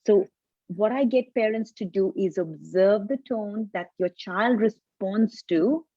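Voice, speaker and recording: A woman's voice: medium pitch, takes it slowly, no echo, lo-fi sound. A woman in her forties, a parenting coach, explaining earnestly in a casual live video chat, often restarting her sentences. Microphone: video call.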